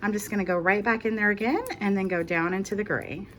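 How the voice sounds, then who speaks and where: Lady talking thru a crochet project step by step, chatty and easygoing, soft music in the background. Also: medium pitch, steady tone, fast talker. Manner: chatty, self-correcting, reassuring. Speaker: crochet tutorial host. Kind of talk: casual step-by-step craft tutorial.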